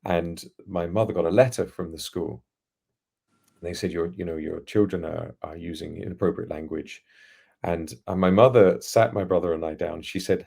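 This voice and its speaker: Middle-aged English man, posh trained accent, very low gravelly voice, articulate anecdotal podcast guest. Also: fairly even intonation, moderate pace, warm tone. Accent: standard English, trained by acting lessons. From England, East London. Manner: articulate, reflective, anecdotal, laughs now and then. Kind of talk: casual storytelling in an interview.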